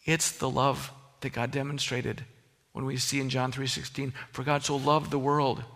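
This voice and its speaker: A man's voice: medium pitch, little pitch movement, normal speed, a bit bright, big-room sound. A man preaching a sermon as pastor, earnest and emphatic, often restarting his phrases.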